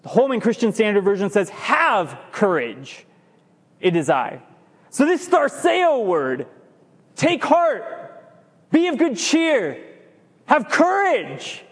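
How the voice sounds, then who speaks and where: A male pastor with a very high voice delivers a lively sermon to his congregation. He lingers on the words he wants to land and trips over himself now and then. His voice rings through the long reverb of a church hall. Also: slow, long pauses, breathy edge. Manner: lively preaching, stretches key words, stumbles and restarts. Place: church sanctuary.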